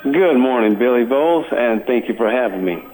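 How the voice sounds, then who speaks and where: A man from Colorado, a musician guest, speaking over the phone in a humble and halting way. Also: mid-range voice, expressive, a little mellow, soft background music, poor audio. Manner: humble, halting, with many restarts. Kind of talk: phone interview. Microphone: telephone.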